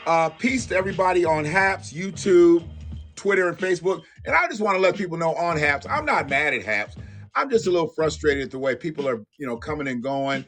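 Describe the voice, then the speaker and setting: A man with a slightly high voice hosts a live-stream, ranting in a blunt, profane and heated way. He talks straight to his chat as he goes, while faint music plays behind him. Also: animated, fairly quick, fairly bright tone. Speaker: livestream host. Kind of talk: live-stream commentary rant.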